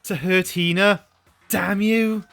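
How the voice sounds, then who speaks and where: A man's voice: high-pitched, fairly even intonation, slow, creaky, a bit bright, faint music behind, pitched above the performer's own voice, exaggerated voice. A male streamer voicing a stern, powerful martial-artist woman who speaks in firm, protective, menacing lines. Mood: angry.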